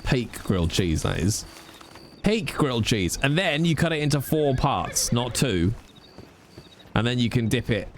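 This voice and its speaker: A man's voice: mid-range voice, very animated, a little slow, slight background noise. A man streaming live, chatting casually with viewers in a playful, rambling way and swearing freely.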